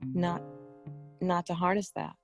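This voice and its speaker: A woman's voice: on the low side, little pitch movement, slow, over music. A woman with a New York accent, talking earnestly as a podcast guest and telling stories about growing up. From New York area. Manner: earnest, talkative, storytelling. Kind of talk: casual conversation.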